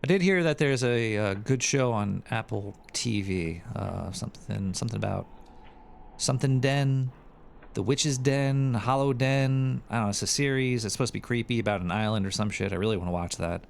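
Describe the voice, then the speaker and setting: Gravelly, rambling crude male host. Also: lowish voice, normal speed. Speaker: show host. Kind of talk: casual livestream chat.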